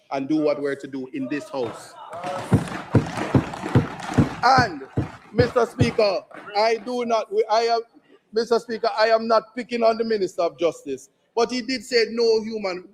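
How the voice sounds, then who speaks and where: A Jamaican man, speaking on the high side, addresses parliament's chamber as an opposition MP. He speaks with rhetorical force and repeats phrases for emphasis.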